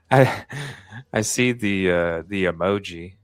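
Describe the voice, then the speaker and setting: A man's voice: sits low, no echo, clean studio sound. A man hosting a show, talking casually about a court case and reading out transcripts with frequent fillers. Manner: reads a call transcript aloud, with frequent fillers. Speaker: host.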